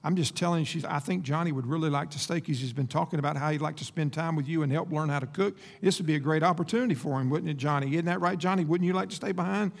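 A man's voice: fairly high pitch, fast talker, vocal fry, few pauses. A man voicing a scheming little girl in a sermon story, with a sugary, wheedling delivery. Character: sly little girl, scheming and sweet-talking. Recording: reverberant hall with faint guitar.

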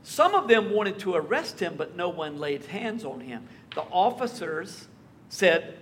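A man preaching a verse-by-verse sermon, conversational and lively with wry asides. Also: sits high, measured pace, slight background noise. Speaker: pastor. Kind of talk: expository sermon.

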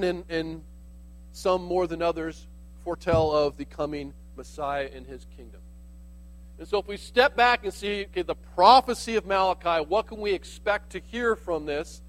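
A man's voice: sits high, low-quality recording. A man preaching a sermon as pastor, in a conversational, explaining manner with casual asides.

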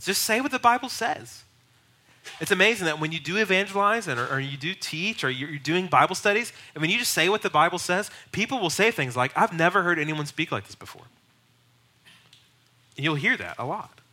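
A man's voice: sits high, expressive, a little fast, pushed and bright. A male pastor teaching on evangelism, earnest and emphatic, often building to raised, urgent bursts.

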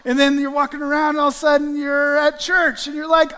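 A man preaching a sermon and acting out a lively illustration with volunteers on stage, calling out playful greetings. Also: very high-pitched, fast, few pauses, long reverb tail. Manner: animated, acts out greetings with volunteers. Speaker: guest preacher. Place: church sanctuary.

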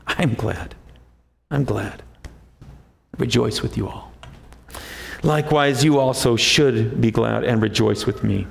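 A man preaching a sermon, emphatic, rising often to a high, forceful pitch. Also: slow pace, creaky, long pauses. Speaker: pastor.

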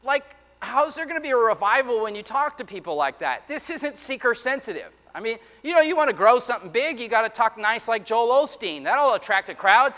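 A male pastor preaching a sermon, animated, slipping into the voices of his listeners and of the prophet. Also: very high voice, fairly quick, few pauses, in a large hall.

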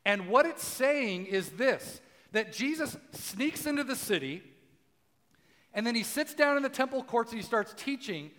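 High-voiced pastor preaching in a hall. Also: male voice. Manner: conversational, acts out quotes, rises to shouting for emphasis. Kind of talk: casual sermon.

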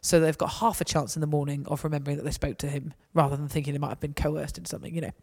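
A woman's voice: sits low, little pitch movement, racing, vocal fry, a little mellow. A woman giving a conversational, anecdotal talk to a gathering. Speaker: speaker. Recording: reverberant hall.

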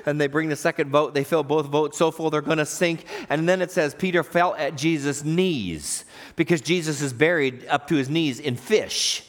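A man's voice: medium pitch, normal speed. A man pastor preaching a sermon, telling a story with animation and acting out the voices in it.

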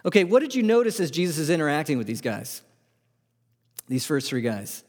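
A man's voice: a little high, sing-song, brisk, a little mellow. A man preaching a conversational sermon as pastor, asking his listeners many rhetorical questions and often restarting words. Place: church sanctuary. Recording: long hall reverb.

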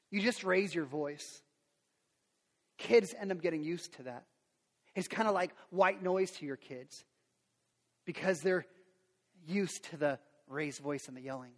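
A middle-aged man preaching a sermon as a pastor, animated, acting out quotes and sound effects. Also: a little high. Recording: long reverb of a large hall.

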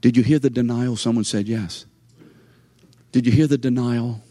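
A man's voice: mid-range voice, fairly even intonation, moderate pace, warm tone, dry recording. An older man giving a sermon as a story, chatty and conversational, speaking straight to his listeners. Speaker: preacher.

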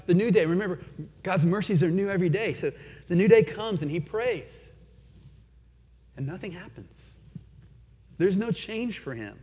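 Male pastor, earnest sermon delivery, slightly husky voice, long hall reverb on a dull recording. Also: high-pitched. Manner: earnest, reflective, rhetorical questions, drops to quiet pauses.

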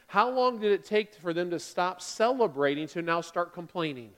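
A male pastor preaching a sermon to his church, lively and playful, acting out the grumbling Israelites in quick excited bursts. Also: sits high.

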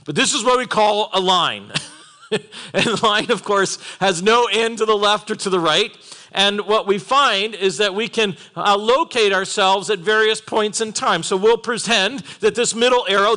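A man preaching a sermon in a church, animated, with laughing asides and acted-out quotes. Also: sits high.

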